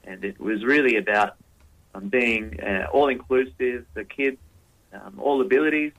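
A man's voice: mid-range voice, normal speed, a bit bright, muffled recording. A man speaking as a guest on a radio show, earnest and peppered with uhs and ums. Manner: earnest, many uh and um. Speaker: football engagement lead, guest. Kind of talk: radio interview.

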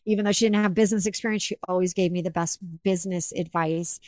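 A woman hosting an interview, retelling a personal story in animated, emotional bursts. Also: lowish voice, fast, no room sound, studio quality. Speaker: podcast host. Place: home office with windows.

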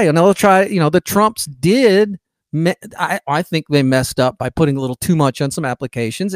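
Sick in bed, a man hosts a podcast with a casual political monologue, sarcastic and indignant, full of restarts, mocking opponents in quoted voices. His voice is on the high side, and the recording is dry and studio quality.

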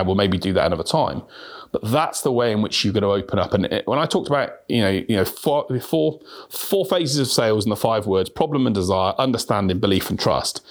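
A man hosting a sales podcast, talking on his own in a lively way, often repeating words as he restarts and acting out example questions. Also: on the low side. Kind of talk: solo podcast talk.

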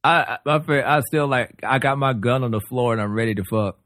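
Man, comedian, bright tense voice, lively, dry close sound. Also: mid-range voice, a little fast, no room sound. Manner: playful, laughing, hyping up the others. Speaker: comedian guest. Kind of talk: casual comedy chat.

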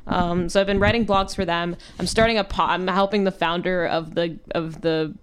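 A woman's voice: lowish voice, steady tone, normal speed, smooth. A young woman hosting a podcast, talking in a rambling, reflective way with lots of fillers. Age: young adult. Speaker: podcast host. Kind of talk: casual chat.

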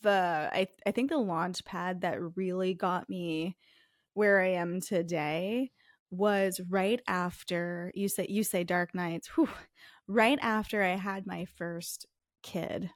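A woman's voice: lowish voice, fairly even intonation, slow pace, dry recording, studio quality. A woman in her thirties with a Northeastern US accent, a podcast guest telling her story in a candid, chatty way. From farming community in the US. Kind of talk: podcast interview.

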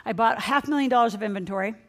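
Energetic woman speaking in a reverberant hall. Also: a little high, rapid-fire. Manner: energetic, excitable, addresses the audience directly. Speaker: financial coach and seminar speaker. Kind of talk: motivational seminar talk.

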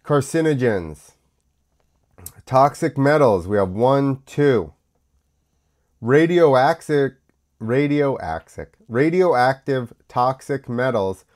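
Host, American man, unhurried and rambling, sick with a cough. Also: medium pitch, animated. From United States. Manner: rambling, with many fillers and restarts. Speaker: podcast host. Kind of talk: casual solo talk show.

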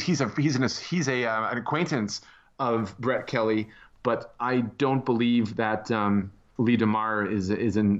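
A man chatting casually as a podcast guest, halting and restarting his sentences. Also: on the low side. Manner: halting, many restarts and fillers. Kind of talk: casual chat. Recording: dull lo-fi audio.

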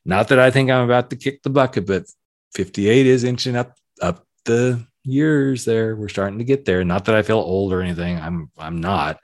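A candid man in his late fifties from the American South, his accent showing now and then as he muses on his podcast. His voice sits a little low and is recorded dry and close, with no room around it. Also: moderate pace, dry recording. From southern United States. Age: 50s. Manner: candid, conversational, emphatic repetitions. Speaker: podcast host. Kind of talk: reflective podcast monologue.

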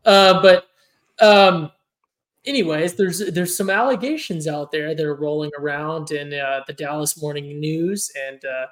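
A man's voice: on the high side, measured pace, low-quality recording. A man co-hosting a podcast in casual chat, rambling with many restarts and fillers. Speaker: podcast co-host.

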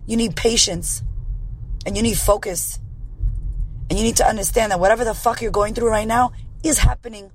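A woman podcast host with a hoarse, raspy voice, delivering a blunt, profane motivational monologue. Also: mid-range voice, slight background noise, rough recording.

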